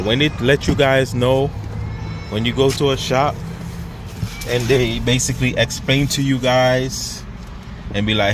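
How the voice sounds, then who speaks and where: A man's voice: lowish voice, a bit bright. A young man from Saint Croix with an Antiguan accent, talking casually to his vlog audience, rambling and repeating himself. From US Virgin Islands, Saint Croix. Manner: rambling, repeats himself, laughs between thoughts. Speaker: vlogger, food delivery driver. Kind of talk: casual self-filmed vlog.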